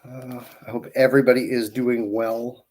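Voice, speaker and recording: Here a man's medium-pitched, slightly mellow voice moves at a moderate pace with little rise or fall. He's a balloon twister on a livestream, casually greeting viewers by name and drifting through friendly tangents while working with his hands.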